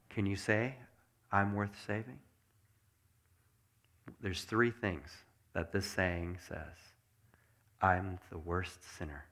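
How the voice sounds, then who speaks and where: A man preaching a sermon, earnest and intimate, sometimes dropping to a hush. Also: low voice. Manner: acts out dialogue, then drops to a hushed, earnest delivery. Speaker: pastor.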